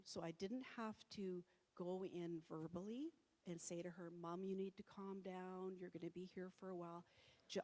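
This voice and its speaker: A middle-aged woman presents to an audience in a conversational way, full of ums and restarts. Her voice sits low. The sound carries the long reverb of a church hall. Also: mellow. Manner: conversational, with many fillers and restarts. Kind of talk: public talk.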